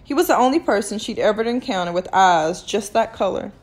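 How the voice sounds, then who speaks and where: A woman reading a novel aloud chapter by chapter, telling the story in a calm, steady way. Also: mid-range voice, a little fast. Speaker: reader of a novel.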